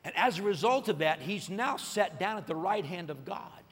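A man preaching a sermon, telling a story with lively acted-out voices and rising to excited peaks. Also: sits high, normal speed, slightly rough, in a large hall. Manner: animated storytelling, acting out voices and building to shouted peaks. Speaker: pastor.

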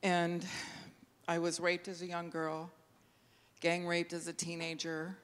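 A middle-aged woman giving an emotional personal testimony at church, halting and tearing up at times. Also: on the low side, monotone, smooth. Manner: halting, laughs and tears up while speaking. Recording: long reverb of a large hall.

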